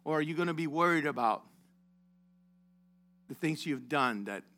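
Bright-voiced impassioned male preacher. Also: expressive, moderate pace. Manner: rising to loud impassioned exhortation, then dropping low; addresses congregation members by name. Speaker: pastor. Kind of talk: sermon.

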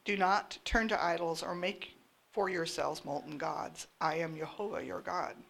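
A lower-voiced woman with a gravelly edge reads scripture aloud. Her delivery stays steady and plain, verse after verse. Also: moderate pace. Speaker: scripture reader.

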